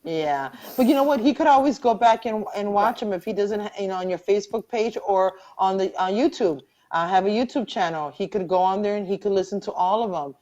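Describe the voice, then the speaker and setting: A woman's voice: mid-range voice, a little fast, hardly any pauses, mellow. A woman hosting a live online interview, speaking from the heart about faith and hope, close to tears and full of restarts. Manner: heartfelt, religious, rambling with many restarts. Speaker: host. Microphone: video call.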